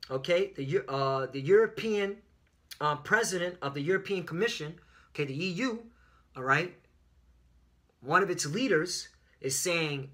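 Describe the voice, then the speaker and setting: A man's voice: a little high, animated, moderate pace, sharp tone. A man preaching a fiery religious commentary lesson with frequent fillers and profanity. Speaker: online preacher.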